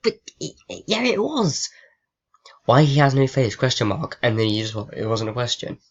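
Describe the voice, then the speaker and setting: A man's voice: medium pitch, sing-song, normal speed, lo-fi sound. A young man with a sarcastic, swearing manner, chatting with a chatbot and reading his typed questions aloud. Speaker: vlogger. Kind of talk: casual chat with a chatbot.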